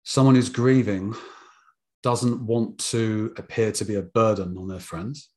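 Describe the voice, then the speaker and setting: A man with a British accent and a fairly low voice speaks about his therapy clients. He talks in a measured, thoughtful way. The setting is relaxed conversation. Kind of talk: casual conversation.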